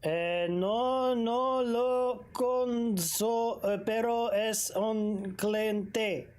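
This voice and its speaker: A woman voicing a male mechanic in a video game, who speaks halting, broken English mixed with Spanish words. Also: mid-range voice, animated, darkish tone. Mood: evasive.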